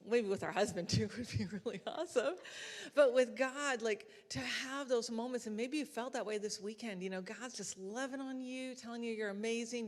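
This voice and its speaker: A middle-aged woman preaching at a conference, talking conversationally with many fillers like "like" and "you know". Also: medium pitch. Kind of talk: sermon at a conference. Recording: long hall reverb.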